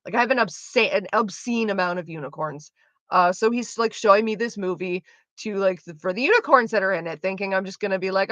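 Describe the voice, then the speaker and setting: A woman streamer chatting casually with viewers, animated and profane, with lots of "like" fillers. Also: mid-range voice, a little fast, no echo. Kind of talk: casual live stream chat. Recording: slightly dull lo-fi sound.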